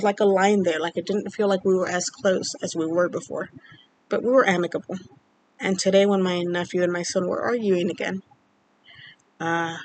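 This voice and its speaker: A woman vlogger casually telling a personal story, rambling and halting with many fillers, sounding upset and emotional. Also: on the low side, slight background noise, low-quality recording. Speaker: vlogger keeping a mood journal.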